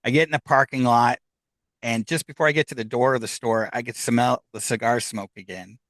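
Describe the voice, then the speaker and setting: A man's voice: mid-range voice, fairly even intonation, a little fast, fairly bright tone, no echo. Middle-aged man telling a story, dry sound. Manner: candid, rambling, full of fillers. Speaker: podcast guest. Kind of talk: personal storytelling.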